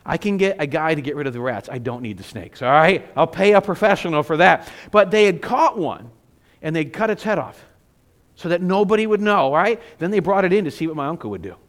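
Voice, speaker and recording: A middle-aged male pastor preaching a sermon, telling stories with animated, self-mocking humor. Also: on the high side, fairly quick.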